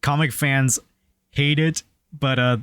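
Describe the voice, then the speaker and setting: A man's voice: medium pitch, slow pace, smooth, no room sound. Laid-back man sharing movie trivia. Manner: relaxed, swears casually, adds trivia. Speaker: podcast co-host. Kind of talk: casual movie review chat.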